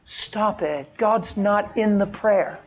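A middle-aged male pastor delivering a sermon with a notably high-pitched voice. He swings from hushed, near-whispered lines to loud, impassioned shouting as he drives his points home. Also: takes it slowly, dull audio.

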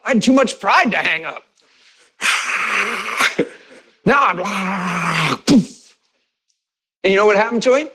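A male pastor preaching a sermon, telling a personal story in a conversational way and acting out conversations with bursts of laughter. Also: low-quality recording. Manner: animated, re-enacts conversations with rising pitch and bursts of laughter; conversational, direct address to congregation.

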